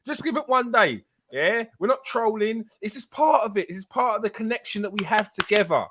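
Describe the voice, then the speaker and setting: A man hosting a live fan show, chatty, excitable and teasing as he greets guests and reads comments. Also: sits high, fairly quick. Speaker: host. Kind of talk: casual live show chat.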